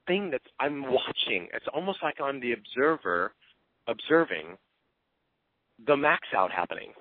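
A man's voice: medium pitch, breathy edge, no echo. A man giving an earnest, openly emotional motivational talk as a team coach. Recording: tinny phone-line sound.

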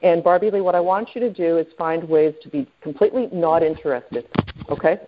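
Low-voiced woman coaching over a phone line. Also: brisk, a little hiss or hum. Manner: chatty, with many fillers and friendly questions to the group. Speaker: sales trainer leading a group call. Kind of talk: coaching talk on a conference call.

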